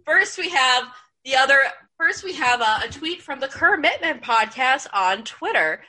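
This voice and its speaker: A woman's voice: sits high, very animated, normal speed, bright, forceful tone, low-quality recording. A young woman co-hosting a casual fan podcast, chatty and jokey, with frequent restarts and fillers. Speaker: podcast co-host.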